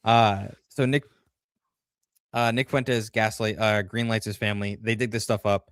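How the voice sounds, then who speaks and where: A man's voice: lowish voice, flat delivery, measured pace, a bit bright, clear, resonant tone, dry recording, studio quality. A man chatting casually on a livestream, rambling through a story and reading viewer comments aloud. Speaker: livestream co-host.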